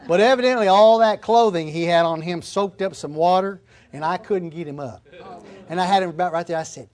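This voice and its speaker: High-voiced preacher. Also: male voice, fairly quick, darkish tone. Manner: earnest, emphatic preaching with repeated phrases. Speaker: pastor. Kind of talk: sermon.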